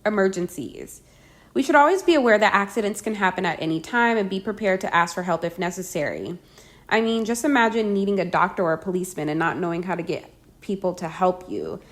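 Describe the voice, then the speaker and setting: Woman, lesson narration, slow careful phrases, medium pitch. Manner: clear, deliberate, slows down for the phrases. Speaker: language teacher. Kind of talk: scripted language lesson narration.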